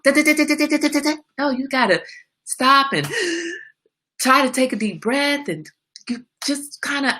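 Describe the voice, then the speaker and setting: A middle-aged woman hosting a casual live-stream talk, animated and laughing often. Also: a little high, husky.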